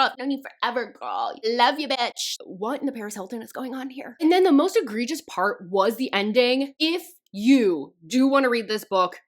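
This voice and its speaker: Animated, exasperated woman book reviewer. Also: fairly high pitch. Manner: animated, exasperated, swears, laughs. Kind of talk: casual ranting review to camera.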